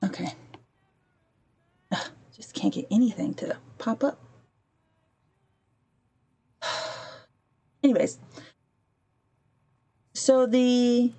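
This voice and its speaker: A woman's voice: a little high, sing-song, takes it slowly, pauses often. A woman hosting a podcast, telling a story casually while she plays a game on a livestream. She wanders off-topic to fix her stream and briefly acts out the people she quotes. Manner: chatty, digressive, breaks off to fix her stream. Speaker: podcast host.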